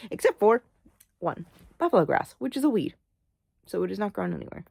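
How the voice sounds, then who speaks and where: A woman's voice: mid-range voice, expressive, fast talker, vocal fry, pauses often, no room sound, studio quality. A sleepy, sniffly young woman vlogging in casual, rambling chat, swearing freely. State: sleepy, yawning; sniffly, congested.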